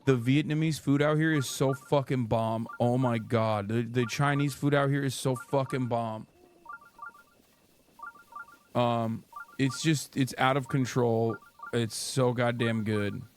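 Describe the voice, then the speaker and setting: A man's voice: mid-range voice, fairly even intonation, a little slow, faint music behind. Profane casual male streamer. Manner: profane, chatty, reads chat aloud. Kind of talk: casual livestream chat.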